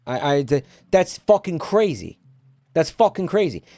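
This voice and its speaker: A man's voice: on the high side, big pitch swings, unhurried, dark tone, no room sound. A man streaming and ranting at his chat, exasperated and swearing often. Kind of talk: casual stream rant.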